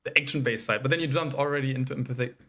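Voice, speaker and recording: A man's voice: medium pitch, steady tone, very fast, pushed and bright, husky. Man hosting an interview, thinking aloud. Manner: reflective, thinks aloud while asking. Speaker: interviewer, channel host. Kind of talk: interview questions.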